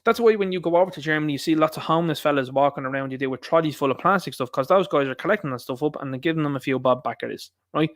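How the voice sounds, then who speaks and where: Irish male commentator, sarcastic and rambling, rapid delivery, dry recording. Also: on the high side, no echo. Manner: combative, sarcastic, rambling asides. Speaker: political commentator. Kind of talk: opinionated solo commentary.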